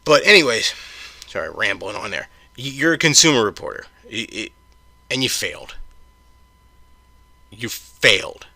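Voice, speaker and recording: A man's voice: on the low side, big pitch swings, moderate pace, pauses often, sharp tone, dry recording. A man hosting his own podcast, delivering a heated, profane solo rant full of stumbling restarts. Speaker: podcast host.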